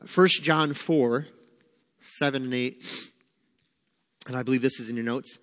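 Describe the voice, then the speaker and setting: A man's voice: mid-range voice, unhurried, fairly bright tone, big-room sound. A middle-aged man preaching a sermon as pastor, conversational and emphatic, repeating key lines to drive them home. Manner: conversational, emphatic teaching with repetition.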